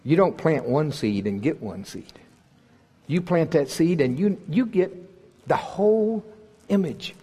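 A man's voice: a little high, expressive, a little slow, warm tone. A man in his sixties from Oklahoma preaching a sermon in a folksy, joking way that builds to emphatic peaks. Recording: husky voice in a large reverberant hall.

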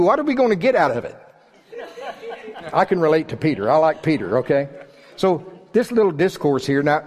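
A male preacher giving a sermon in a church service, animated and joking, swinging between loud and soft delivery. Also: medium pitch.

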